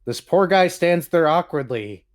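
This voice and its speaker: A man running a tabletop role-playing game on a stream, describing scenes in a relaxed way with some fillers. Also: fairly high pitch, unhurried. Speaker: game master.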